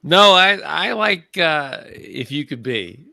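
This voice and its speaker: A man's voice: on the high side, animated, takes it slowly, creaky, sharp tone. A man co-hosting a podcast in casual chat, giving short, chuckling reactions.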